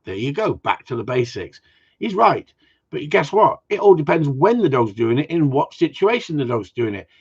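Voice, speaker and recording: Blunt, husky dog trainer. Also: male voice, fairly high pitch, big pitch swings, moderate pace. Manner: blunt, rambling, swears casually, repeats words. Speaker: gundog trainer answering viewer questions. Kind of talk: casual Q and A chat. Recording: dull lo-fi sound.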